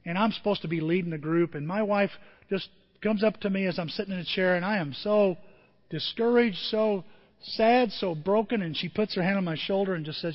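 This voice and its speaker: A man pastor preaching a sermon with emotion, his voice moving from quiet and tender to loud and emphatic. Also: high voice, brisk, in a large hall, highs cut off. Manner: emotional, swings from soft to emphatic.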